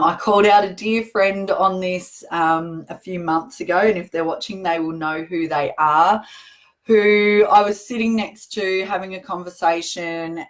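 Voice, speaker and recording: A middle-aged woman hosting a show, talking earnestly and conversationally to camera, with emphatic repetition. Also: lowish voice. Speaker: host answering viewer questions. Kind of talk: casual direct-to-camera talk.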